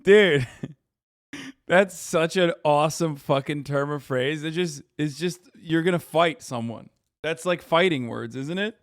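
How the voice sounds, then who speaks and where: A man in his thirties reacting on a livestream, incredulous and profane, with loud outbursts. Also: fairly high pitch, measured pace, no echo, studio quality. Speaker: streamer reacting to clips.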